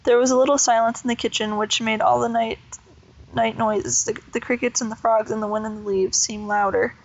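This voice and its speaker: A woman reading a children's novel aloud in a steady, plain way with small slips. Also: fairly high pitch, fairly quick, gravelly, highs cut off, slight background noise. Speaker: reader.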